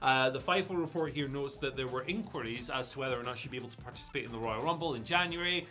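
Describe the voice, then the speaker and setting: A man co-hosting a casual news discussion, chatting in a relaxed, speculative way with plenty of fillers. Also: mid-range voice, fast, soft background music. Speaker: co-host of a news show.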